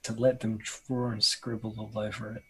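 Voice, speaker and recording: A man playing a tabletop game, measured and mock-formal when speaking in character. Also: fairly low pitch, flat delivery, sharp tone, poor audio. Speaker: player. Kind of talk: tabletop role-play.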